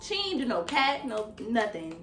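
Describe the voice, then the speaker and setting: A woman nail technician telling a casual storytime, animated and profane, talking straight to her viewers as "y'all.". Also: a little high, normal speed, faint music behind. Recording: echoey room.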